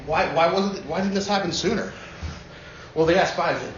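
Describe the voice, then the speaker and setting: A man's voice: high-pitched, normal speed, long pauses, slight background noise. A man in his forties from Western Kansas, doing an open-mic stand-up set in a small cafe with a dry, rambling delivery. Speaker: stand-up comedian. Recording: echoey dull lo-fi room recording.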